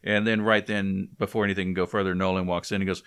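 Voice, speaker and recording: A man's voice: deep voice, little pitch movement, fast, fairly bright tone, clear, resonant tone. A man in casual chat, recapping a comic and briefly acting out the characters' lines. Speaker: podcast co-host recapping a comic.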